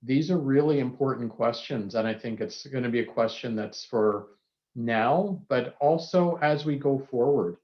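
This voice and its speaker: A man speaks as a psychiatrist on a panel, earnest and candid with the odd self-deprecating aside. His voice sits at an ordinary pitch. It comes through a video call with a muffled, lo-fi sound. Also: normal speed. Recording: dull lo-fi video call audio.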